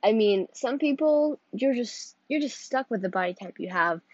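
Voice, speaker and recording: A woman's voice: a little high, lively intonation, normal speed, husky, dry recording, muffled recording. A teenage girl hosting her own podcast, chatting casually in a rambling, giggly way that keeps interrupting itself. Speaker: podcast host. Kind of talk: casual solo podcast chat.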